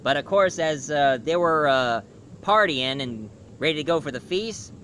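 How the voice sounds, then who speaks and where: Male reviewer, casual rambling retelling, bright clear tone, faint noise behind. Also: fairly high pitch, lively intonation, moderate pace. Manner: rambling plot retelling with fillers. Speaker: cartoon reviewer.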